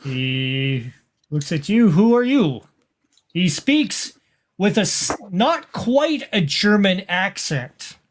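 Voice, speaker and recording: A game master slowly narrating the scene of a tabletop horror game, describing it with small restarts. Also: mid-range voice, sing-song.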